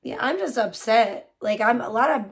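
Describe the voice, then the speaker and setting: A woman's voice: fairly high pitch, moderate pace, gravelly. A woman hosting a casual livestream, chatting with viewers in a blunt, profane, heated way. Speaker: livestream host. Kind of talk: casual live-stream chat with viewers.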